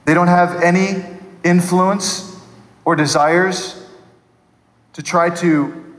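A man preaching a sermon to his church, animated and conversational, acting out people's voices to poke fun. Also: high voice, slow, in a large hall, low-quality recording. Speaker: pastor.

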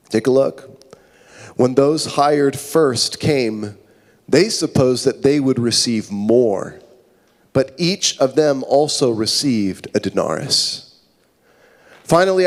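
A man preaching a sermon as pastor, retelling a parable with lively acted voices for the characters. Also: on the high side. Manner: animated storytelling, acting out characters' voices. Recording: long hall reverb.

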